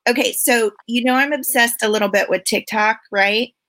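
A woman's voice: on the high side, moderate pace, bright, forceful tone, no echo. A woman co-hosting a casual podcast chat, telling stories eagerly and laughing often. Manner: giggly, enthusiastic storyteller. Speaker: podcast co-host.

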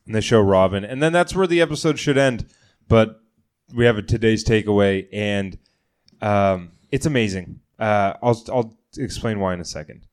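A man's voice: lowish voice, moderate pace. A man co-hosting a comedy podcast, chatting casually and animatedly, often laughing and swearing. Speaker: podcast co-host.

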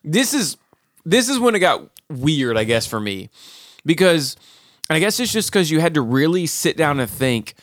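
Animated man recapping a movie. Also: a little high, normal speed, no echo, studio quality. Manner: animated storytelling, acting out quotes. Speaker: podcast co-host. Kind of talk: casual movie-recap chat.

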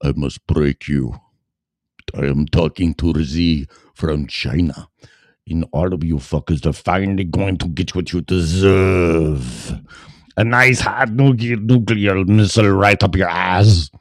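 A menacing male Russian comrade, put on by a man growls threats in a thick mock-Russian accent. The voice sits very low and moves slowly. It is heard dry and close, with no room sound. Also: no room sound.

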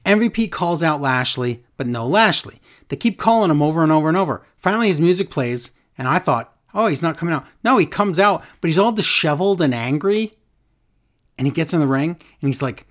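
Animated woman recapping wrestling. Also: low voice. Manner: animated, incredulous, does quick impressions. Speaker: podcast co-host. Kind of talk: casual wrestling recap chat.

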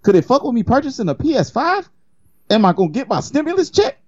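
A man's voice: very high voice, very animated, fast, a little mellow, lo-fi sound. A young man co-hosting a podcast in casual chat, joking, cursing freely and getting worked up. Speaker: podcast co-host.

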